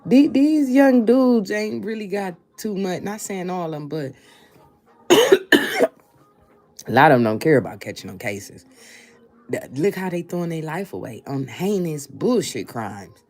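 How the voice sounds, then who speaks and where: Emphatic woman giving opinions, husky. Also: lowish voice, big pitch swings, unhurried, long pauses, a little mellow. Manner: emphatic, repeats points for stress. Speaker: commentary show host. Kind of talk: opinion commentary.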